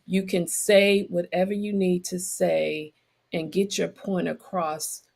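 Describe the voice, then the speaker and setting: Middle-aged woman, low husky gravelly voice, straight to the point with advice. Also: level tone, takes it slowly, darkish tone. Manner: direct and to the point. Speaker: guest. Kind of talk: sincere advice.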